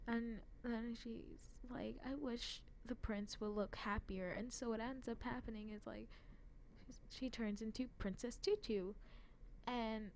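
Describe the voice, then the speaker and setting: A woman's voice: a little high, steady tone, slow pace, a little hiss or hum. A young woman chatting casually about an anime she loves, rambling with many fillers and frequent self-deprecating giggles. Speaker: anime fan vlogger.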